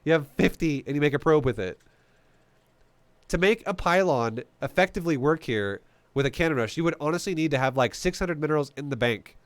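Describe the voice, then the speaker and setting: A man's voice: fairly high pitch, expressive, brisk, no echo. A man giving casual, profane gameplay commentary, blunt and joking as he explains strategy. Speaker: game commentator.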